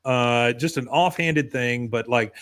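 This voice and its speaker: A man's voice: takes it slowly, fairly bright tone. Casual man recapping a cartoon episode. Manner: retells scenes, quoting characters with raised pitch. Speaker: podcast co-host.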